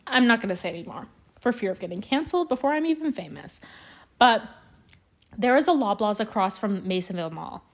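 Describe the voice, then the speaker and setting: Young woman, from canada, slightly high voice, rambling casual podcast storytelling, lots of swearing. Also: a bit bright. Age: young adult. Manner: rambling, swears a lot, self-deprecating. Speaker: podcast host.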